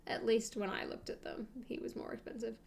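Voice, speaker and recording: A woman's voice: fairly high pitch, flat delivery, a little fast. Chatty woman streaming. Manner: chatty, thinking aloud, soft laughs. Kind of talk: casual chat stream.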